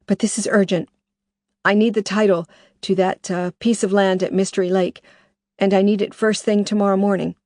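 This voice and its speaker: A woman's voice: medium pitch, flat delivery, moderate pace, darkish tone, no room sound, clean studio sound, lightly acted. A woman voicing a desperate, determined woman who talks in an urgent, pressing way.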